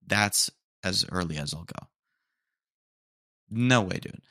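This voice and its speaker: A man's voice: sits low, expressive, slow, vocal fry, pushed and bright, no echo, studio quality. A young man hosting a casual solo podcast, rambling in slangy, mock-indignant asides and saying "dude" again and again. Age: young adult. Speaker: podcast host. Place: room at home, roommates nearby.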